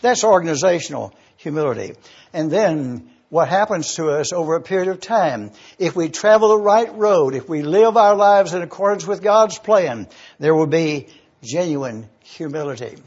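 An older man preaches with deliberate emphasis, leaning on key words and spelling some out. His voice sits high and sounds a bit breathy. The recording is dull and lo-fi. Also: expressive, a little mellow. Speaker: pastor. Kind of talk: sermon.

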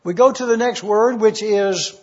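A man preaching a sermon, teaching word studies with deliberate emphasis. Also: sits high, darkish tone, dull audio. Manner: deliberate teaching, spelling out Greek words, rising emphasis.

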